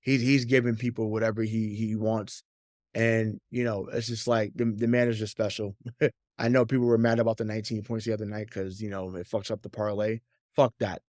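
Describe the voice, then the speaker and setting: A man's voice: fairly low pitch, little pitch movement, brisk, a little mellow, dry recording, studio quality. A man hosting a sports podcast, chatting in a loose, profane way, laughing often and repeating words as he gets going. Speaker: podcast host. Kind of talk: casual sports podcast chat.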